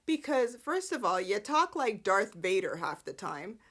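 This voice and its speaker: A woman's voice: medium pitch, very animated, measured pace, few pauses, fairly bright tone. A woman hosting a podcast, recapping soap opera episodes in a chatty, sarcastic way with lots of "like" fillers. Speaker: podcast host.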